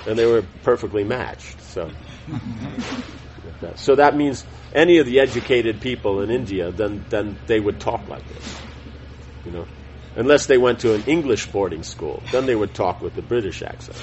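A middle-aged man teaching a scripture class, reading a text aloud in a measured, deliberate way with small self-corrections and chatty asides. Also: mid-range voice, darkish tone, dull audio, a little hiss or hum.

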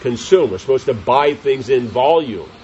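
Reading commentary aloud and then explaining it by posing rhetorical questions to the audience, a spiritual teacher conducts a scripture class. His medium, expressive voice has a darkish tone and moves at a normal speed, while the audio is dull with slight background noise.

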